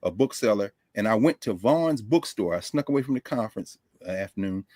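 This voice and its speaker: A man's voice: on the low side, fairly quick, dry recording. Guy telling stories as a guest over a call mic, does voices for folks he quotes, dry close sound. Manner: animated storyteller, acts out quoted voices. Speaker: guest scholar. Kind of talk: storytelling interview talk. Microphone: remote call microphone.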